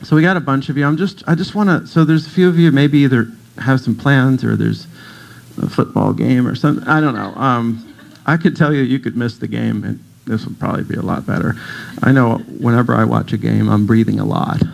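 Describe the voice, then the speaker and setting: A man's voice: medium pitch, fairly quick, creaky, poor audio. A middle-aged man giving a casual, jokey talk to a church audience as a breathwork teacher, telling stories and acting out voices. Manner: playful, jokey storyteller who acts out voices. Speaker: guest speaker, breathwork teacher. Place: congregation hall.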